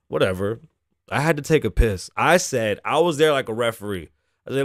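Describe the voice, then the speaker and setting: A man's voice: mid-range voice, very animated, moderate pace, no echo, clean studio sound. A man hosting his show, telling a casual, profane story time with lots of laughing. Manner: laughs often between lines. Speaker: host.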